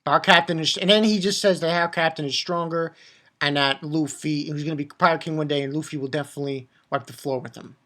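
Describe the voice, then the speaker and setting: A man recapping and reviewing a cartoon episode in a casual, excitable way, swearing freely and stumbling over restarts and fillers. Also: on the high side, quick pace. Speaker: anime reviewer.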